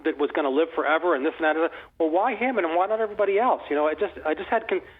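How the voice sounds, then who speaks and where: A man in his sixties, a guest author, telling stories in a rambling, animated way full of restarts. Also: fairly high pitch, racing. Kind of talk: casual conversational storytelling. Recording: phone-like narrow line.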